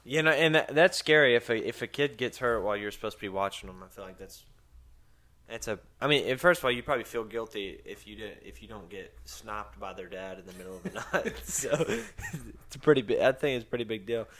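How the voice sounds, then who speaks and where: A man's voice: on the low side, animated, a little fast, fairly bright tone. A man co-hosting a podcast in casual chat, laid-back and laughing along. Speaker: podcast co-host.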